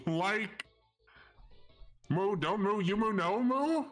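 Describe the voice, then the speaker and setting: A man's voice: high-pitched, animated, slow, a bit bright, faint music behind, voice pushed up, heavily acted. A man voicing a goofy, dim-witted young male cartoon slacker who tacks a cow moo onto every word. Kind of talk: comedic character voice on a live stream.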